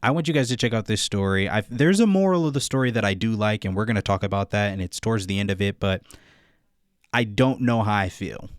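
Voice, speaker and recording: A man hosting a reaction video in casual commentary, thinking out loud with many fillers and restarts. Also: on the low side, fast, no room sound, clean studio sound.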